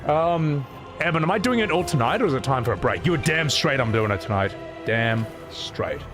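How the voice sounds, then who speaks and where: A man chatting casually on a live stream, excitable and swearing, laughing often and reading viewers' messages aloud. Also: medium pitch, moderate pace, music in the background.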